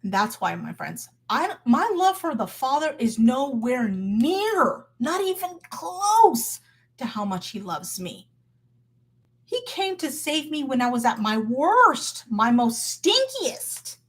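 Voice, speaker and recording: A woman giving an informal Christian devotional talk, candid and expressive, laughing as she goes. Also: high-pitched, takes it slowly, slightly rough.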